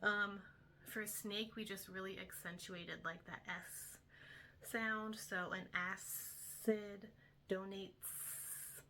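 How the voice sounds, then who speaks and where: A woman's voice: medium pitch, steady tone, takes it slowly, sharp tone, slight background noise. A young woman, a homeschool tutor, casually explaining her week's lessons step by step with frequent ums. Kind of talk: casual instructional talk to camera.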